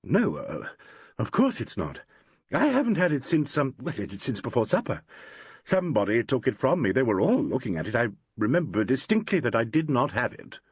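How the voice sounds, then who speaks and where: Reader as a hurried, faltering actress, raised and lilting. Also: male voice, medium pitch, huge pitch swings, husky, no echo, heavily acted. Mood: flustered. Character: flustered leading actress, graceful wife.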